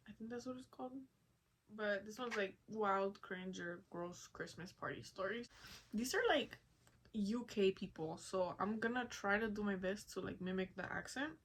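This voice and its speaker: A woman vlogger giving casual reaction commentary in an animated, profane way, with frequent laughing asides. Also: medium pitch, moderate pace, a little hiss or hum, low-quality recording.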